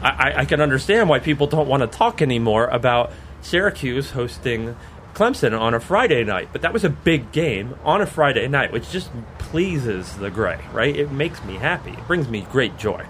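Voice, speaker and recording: A man's voice: medium pitch, very animated, moderate pace, a bit bright, a little hiss or hum. A man hosting a college football podcast, chatting casually in a joking, rambling way and laughing often. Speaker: podcast host. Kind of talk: casual sports chat.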